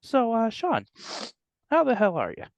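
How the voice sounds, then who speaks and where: A man's voice: very high voice, huge pitch swings, a little slow, creaky, dry recording, dull audio. A man hosting a podcast in casual chat, teasing his co-host and laughing often.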